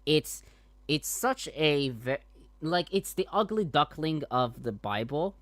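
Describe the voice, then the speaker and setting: A man's voice: a little high, lively intonation, takes it slowly, a bit bright, no echo. A man co-hosting a casual panel chat, talking in a rambling way with many restarts and fillers. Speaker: co-host.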